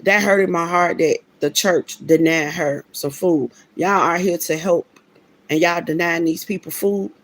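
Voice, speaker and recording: A woman's voice: fairly low pitch, steady tone, a little slow. A woman telling a personal story in a casual, preachy way, emphatic and slangy, often restarting her sentences. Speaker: vlogger.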